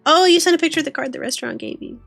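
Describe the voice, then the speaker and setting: A woman's voice: high voice, lively intonation, very fast, gravelly, a bit bright, dry recording, soft background music. A woman streamer chatting casually with her viewers while drawing, giggly and teasing. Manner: giggly, playful, teasing banter.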